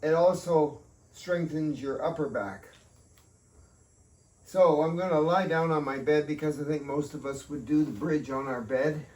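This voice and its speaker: A man's voice: fairly high pitch, unhurried, a little mellow. A man leading an exercise demonstration at home, in a chatty, folksy way with jokey asides to himself. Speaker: fitness instructor. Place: at home in a bedroom and by a doorway. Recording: echoey room, distant mic, faint hiss.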